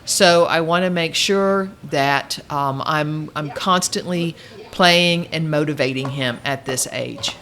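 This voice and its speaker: A woman dog trainer coaching a puppy in high sing-song praise, with calm explanations in between. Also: takes it slowly. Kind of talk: puppy training session with commentary.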